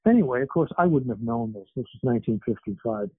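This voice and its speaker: Husky older man on a phone line. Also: medium pitch, animated, fast, dry recording. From born in England, raised in Canada. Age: 70s. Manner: rambling, chatty, many fillers and restarts. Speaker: author and guest. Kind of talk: casual interview chat. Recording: tinny, dry phone line.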